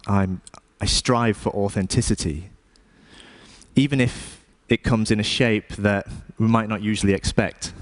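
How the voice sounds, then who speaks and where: A man in his thirties from England with an English accent, an artist giving a stage talk in a hesitant way, with frequent ums and restarts. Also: lowish voice. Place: lecture stage.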